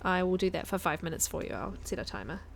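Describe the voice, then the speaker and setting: A woman's voice: fairly low pitch, sing-song, fast talker, creaky, a bit bright, a little hiss or hum. A woman, chatting casually to her viewers while playing a game on a live stream and thinking aloud. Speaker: guest streamer.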